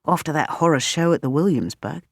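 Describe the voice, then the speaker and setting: A woman's voice: sits low, lively intonation, brisk, vocal fry, dry recording, clean studio sound, heavily acted. Woman doing an eager British guy. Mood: chatty. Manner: bright, eager, chatty. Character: cheerful young British male grad student.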